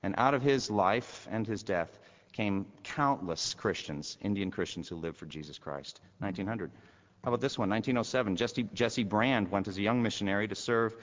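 Male preacher, sermon, fervent exhortation, long church reverb, muffled sound. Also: moderate pace. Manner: rises to loud, high-pitched fervent exhortation.

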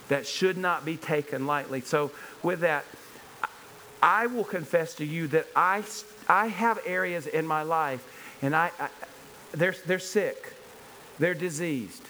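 A man's voice: a little high, unhurried, pushed and bright, a little hiss or hum, low-quality recording. A man preaching a sermon to a congregation in church, earnest and emphatic, driving his points home with repeated rhetorical questions. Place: church service before a congregation.

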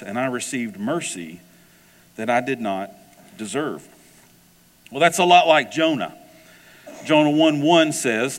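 A man preaching a sermon, telling a personal story in a conversational, animated way. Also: medium pitch, long reverb tail. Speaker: pastor.

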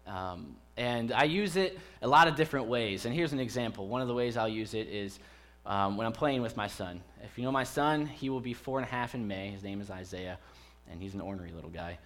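A man's voice: fairly low pitch, a little fast, a bit bright. Joking, chatty male pastor preaching. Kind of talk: conversational sermon. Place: church.

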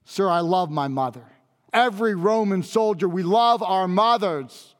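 A man's voice: high-pitched, a little slow. A man performing a dramatic monologue as a Roman centurion, speaking intensely and pleadingly and repeating phrases for emphasis. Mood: solemn, awed. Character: Roman centurion, grave and awestruck. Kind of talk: dramatic first-person monologue. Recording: long reverb of a large hall.

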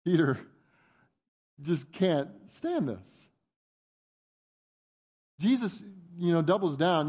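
A man preaching a sermon, animated, jumping up in pitch to voice the disciples' protests and dropping soft for reflective points. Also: slow, long pauses, breathy edge. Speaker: pastor.

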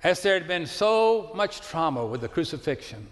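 Pastor, male, mid-high voice, impassioned sermon that drops to hushed asides; long church-hall reverb. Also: sing-song, normal speed. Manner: impassioned preaching, swings between loud appeals and hushed asides. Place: church sanctuary with live congregation.

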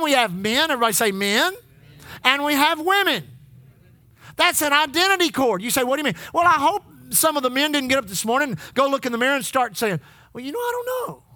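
A man preaching a sermon in a very high, piercingly bright voice. He keeps calling out for amens and repeats key lines for emphasis. His voice sounds close and completely dry. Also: lively intonation, brisk, no room sound. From Texas. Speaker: pastor.

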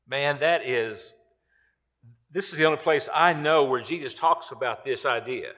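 A male pastor preaching a sermon slowly and emphatically, repeating key words. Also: medium pitch, sing-song, a bit bright. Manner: slow, emphatic preaching with repetitions. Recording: long hall reverb.

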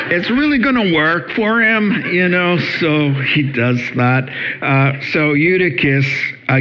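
Slow-paced man preaching a sermon. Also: a little high, dull audio. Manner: animated storytelling, acts out voices with playful humor. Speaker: pastor.

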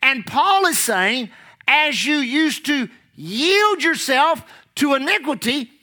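Lively, bright-voiced preacher. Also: high voice, slow pace. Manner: rhetorical questions to the congregation; reads scripture aloud, then explains it. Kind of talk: sermon.

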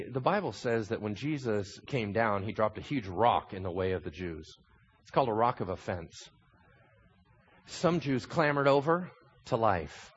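A man's voice: on the low side, breathy edge, highs cut off. A man preaching a sermon, telling the story dramatically and acting out the voices of the crowd. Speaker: pastor.

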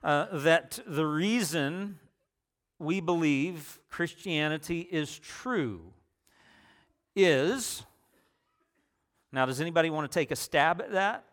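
Slow, deliberate male preacher. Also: on the high side, fairly bright tone. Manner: slow, deliberate delivery with repetition for emphasis; conversational, with fillers and rhetorical questions. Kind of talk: sermon.

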